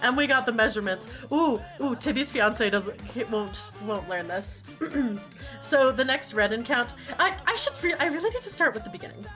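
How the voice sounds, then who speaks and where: A woman's voice: a little high, animated, moderate pace, bright, forceful tone, faint music behind. A woman streamer chatting casually and animatedly, laughing often and swearing freely.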